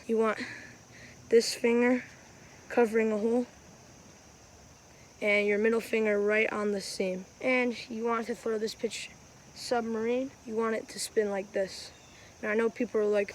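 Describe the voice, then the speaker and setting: Chatty woman demoing pitches outdoors. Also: a little hiss or hum, low-quality recording. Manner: rambling, chatty, self-correcting. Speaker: wiffleball player and channel host. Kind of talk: casual how-to vlog. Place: outdoors on a windy day. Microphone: phone camera.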